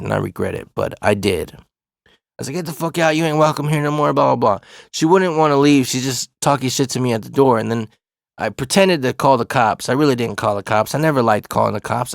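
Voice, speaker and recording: A man telling a story from his retail days in a casual, profane, animated way, full of street slang. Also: mid-range voice, vocal fry, no room sound, studio quality.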